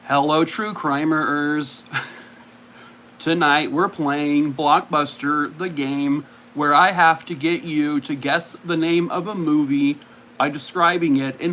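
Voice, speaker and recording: Slow, chatty man on a livestream. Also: fairly high pitch, a bit bright, slight background noise. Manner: chatty, self-mocking, reacts to viewer comments. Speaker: livestream host. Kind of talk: casual livestream chat.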